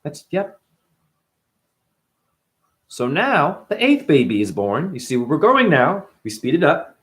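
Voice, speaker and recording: A man hosting a casual spiritual monologue, animated and profane, full of rhetorical questions. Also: a little high, moderate pace. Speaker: host.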